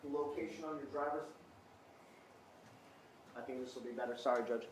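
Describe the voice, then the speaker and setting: A man's voice: medium pitch, fairly even intonation, a little fast. A man cross-examining a witness in a courtroom, questioning with hesitant restarts. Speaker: defense attorney. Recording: roomy courtroom audio with faint hum.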